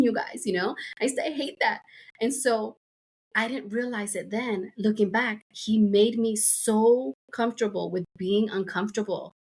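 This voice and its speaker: Husky-voiced woman telling rambling stories. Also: fairly high pitch, moderate pace, a little mellow. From United States. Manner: rambling storyteller with many fillers and asides. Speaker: guest. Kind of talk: casual chat.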